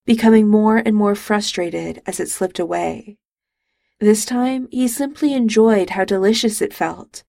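A woman narrates a romance audiobook in a calm, even storytelling manner. Her voice is slow and gravelly with a slight fry, and the close studio mic keeps it dry. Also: medium pitch, dry recording.

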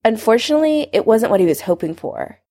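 A woman narrating a fan fiction story aloud in an expressive, conversational reading style. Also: on the high side, fast talker.

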